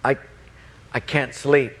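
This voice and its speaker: A man's voice: mid-range voice, level tone, takes it slowly, fairly bright tone, slightly rough. A man playing a sheepish college guy. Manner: hesitant and stammering. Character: sheepish young male college student, remorseful. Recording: long reverb, faint ambience.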